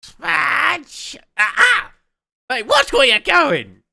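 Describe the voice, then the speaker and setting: A man's voice: very high-pitched, big pitch swings, extremely slow, vocal fry, bright, forceful tone, voice pushed up, heavily acted. A man voicing a desperate old male street beggar in his sixties who wails and pleads for change. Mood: pleading. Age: 60s.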